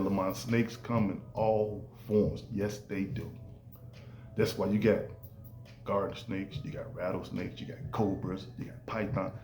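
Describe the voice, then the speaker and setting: Animated man in an echoey room. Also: fairly low pitch. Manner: animated, acts out quoted voices. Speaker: podcast host. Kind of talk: casual podcast monologue. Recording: echoey room with faint ambience.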